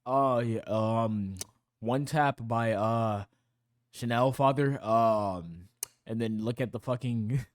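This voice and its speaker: A young male streamer reacts in loose, profane rambling that keeps doubling back on itself. His voice sits at a middle pitch and sounds close and dry, with no room around it. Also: takes it slowly, no echo. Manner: rambling, profane, self-correcting. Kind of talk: casual reaction commentary.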